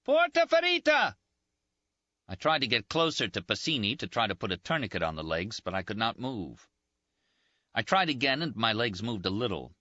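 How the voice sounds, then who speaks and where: A man reading a novel aloud in a measured, grave first-person narration, in a muffled dry recording. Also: on the low side, sing-song, pushed and bright, no room sound. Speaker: audiobook narrator. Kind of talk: scripted narration.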